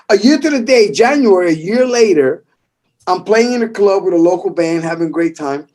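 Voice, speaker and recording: A middle-aged man from the Bronx with a New York accent, telling stories in a casual interview, animated and swearing, acting out the voices of people in them. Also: high voice, brisk. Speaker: guest percussionist.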